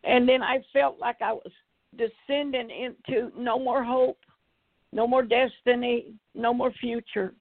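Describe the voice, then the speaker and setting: A woman's voice: a little high, steady tone, a little slow, no room sound. An older evangelist woman, giving an emphatic testimony and repeating phrases for effect. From Tennessee, US. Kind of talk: testimony preaching. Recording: tinny phone-like audio.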